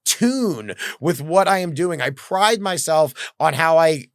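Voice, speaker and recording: Animated man telling a story. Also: fairly high pitch, slow, no room sound, clean studio sound. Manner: animated, acts out quoted voices. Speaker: comedian guest. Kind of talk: casual podcast storytelling.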